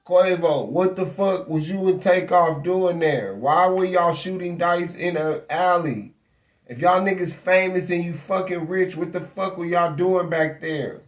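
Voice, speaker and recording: High-pitched man ranting bluntly. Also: unhurried. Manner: blunt, rambling, heavy slang and cursing. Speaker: host. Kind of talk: casual profane rant.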